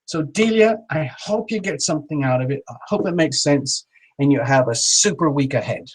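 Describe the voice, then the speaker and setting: Guy doing live tarot readings, upbeat and encouraging, a bit high-pitched, small camera mic. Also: lively intonation, normal speed, breathy edge. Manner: warm, encouraging, chatty, with playful exaggerated voices. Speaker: tarot reader hosting a live show. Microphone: small built-in camera mic. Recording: small camera on a poor live-stream connection.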